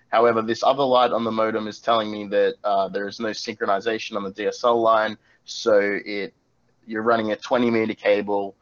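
A man telling a casual, profane story on a podcast, animated and at times shouting. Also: on the low side, fairly quick. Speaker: podcast panelist. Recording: dull lo-fi podcast audio.

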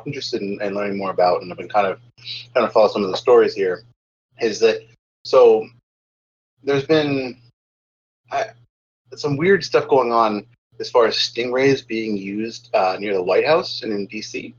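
A man's voice: lowish voice, normal speed, pauses often, breathy edge. A man in a casual podcast chat, hesitant and full of fillers, recorded with dull lo-fi sound.

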